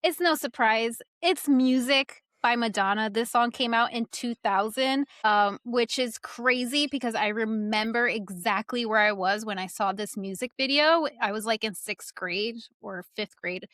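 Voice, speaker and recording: A woman in her thirties hosting a podcast, gushing and excitable in casual chat. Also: fairly high pitch, a little slow, few pauses, dry recording, clean studio sound. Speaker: podcast host.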